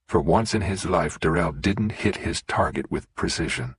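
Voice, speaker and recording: A man narrating a suspense audiobook in a steady, unhurried reading. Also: sits low, husky, no echo. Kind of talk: scripted narration.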